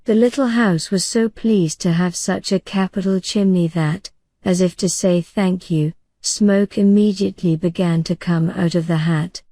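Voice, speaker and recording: A woman narrating a bedtime audiobook in a gentle, unhurried, soothing manner. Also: lowish voice, steady tone, dry recording. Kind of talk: soft bedtime story narration.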